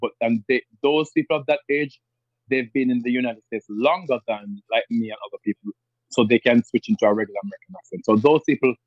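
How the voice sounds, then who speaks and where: A man's voice: mid-range voice, fairly even intonation, quick pace, no room sound. A man from rural Jamaica with a Jamaican accent, a podcast guest talking casually and animatedly, often repeating himself as he explains. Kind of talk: casual interview chat. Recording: dull lo-fi sound.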